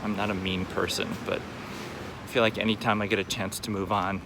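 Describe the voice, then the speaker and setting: A man's voice: low-pitched, little pitch movement, normal speed, gravelly, background noise. A man recording a confessional video diary, rambling and bitter, swearing heavily as he vents.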